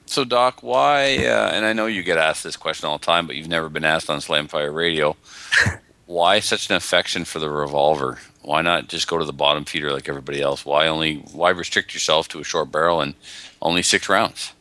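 A man's voice: very deep voice, a little fast, bright, forceful tone, no room sound. A man hosting a podcast, asking questions in casual, teasing chat. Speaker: podcast host.

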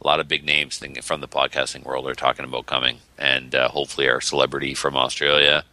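A man's voice: a bass voice, flat delivery, fast talker, pushed and bright, no room sound. A man, co-hosting a podcast in casual, teasing banter. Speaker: podcast co-host.

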